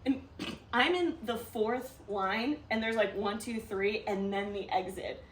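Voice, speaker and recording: A woman's voice: medium pitch, slow, slight background noise. A young woman co-hosting a podcast, telling a story in casual chat and acting out the quotes with lots of laughter. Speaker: podcast co-host. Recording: echoey room, a bit distant from mic.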